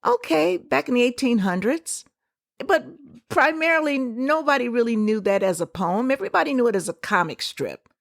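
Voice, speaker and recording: A woman hosting a solo podcast, giving her opinions in a conversational, emphatic way with quick asides. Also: a little high, animated, vocal fry, no echo, studio quality. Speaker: podcast host.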